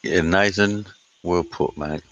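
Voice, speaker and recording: A middle-aged Australian man chatting casually on a live stream, reading chat aloud, blunt and sweary with many filler pauses. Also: deep voice, fairly bright tone, no echo, lo-fi sound.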